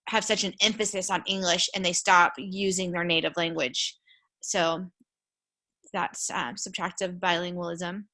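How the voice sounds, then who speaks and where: A woman's voice: mid-range voice, bright, forceful tone. A young woman teaching a recorded college lecture, casual and chatty with frequent fillers, speaking into a computer mic. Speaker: college instructor. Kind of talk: recorded lecture with shared screen.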